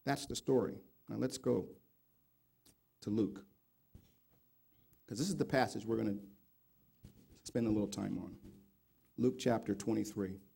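A male pastor preaching a sermon, with a gravelly, dark and mellow voice. He reads scripture aloud and comments on it. He swings between loud, emphatic remarks and low, quiet reading. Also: measured pace, long pauses.

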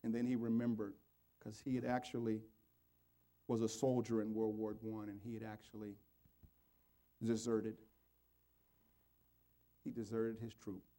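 A man's voice: on the low side, little pitch movement, a little slow, long pauses, mellow. A man preaching a sermon and leading an altar call and prayer, in an earnest, pleading way, his voice rising and falling. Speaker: pastor.

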